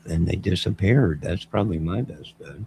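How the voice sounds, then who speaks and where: A man with a deep voice talks in a rambling, mocking way, aiming remarks at someone off to the side. His voice is heavily gravelly and full of fry. A faint hum sits under the recording. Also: expressive, normal speed, a little mellow. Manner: mocking, wandering, talks to an unseen listener. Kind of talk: rambling monologue to camera.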